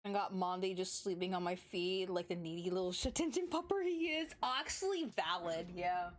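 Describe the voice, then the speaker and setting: A woman's voice: lowish voice, normal speed, hardly any pauses. A young woman streaming a game, chatting casually and cooing baby talk to her pets. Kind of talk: casual gameplay commentary. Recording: faint music behind.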